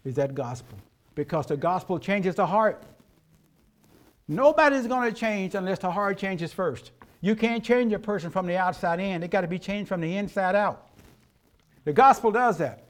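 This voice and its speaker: High-voiced folksy older male preacher. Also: animated, normal speed, pauses often. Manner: folksy, emphatic preaching with rhetorical questions. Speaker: pastor. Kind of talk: sermon.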